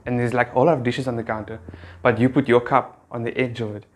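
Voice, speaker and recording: A man's voice: mid-range voice, little pitch movement, quick pace. A young man from South Africa giving a casual, chatty devotional talk for a youth group, with plenty of slang and fillers like "like" and "you know.". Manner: laid-back and chatty, full of slang and fillers.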